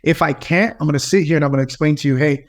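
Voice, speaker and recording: A man's voice: on the high side, very fast. A man, a podcast guest in his thirties, telling a personal story in casual chat, emotional and swearing often. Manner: emotional, heavy swearing, animated retelling.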